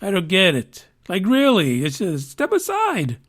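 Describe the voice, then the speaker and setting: Reading out news items at normal speed, this podcast host has a high-pitched voice and riffs on each story casually, sarcastically, and animatedly, swearing freely.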